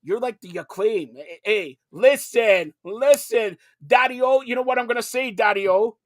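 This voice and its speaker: A male talk show host with a high voice who bursts with energy, tripping over and repeating his words as he jokes with guests. The recording is dry and close, with no room sound. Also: a little slow, no room sound. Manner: excitable, stammering repeats. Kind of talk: casual sports talk show.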